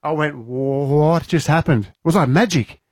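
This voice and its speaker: A man's voice: fairly high pitch, measured pace, darkish tone, breathy edge, dry recording, clean studio sound. An Australian man, a radio co-host, telling a story with energy and acting out his own lines in a raised voice.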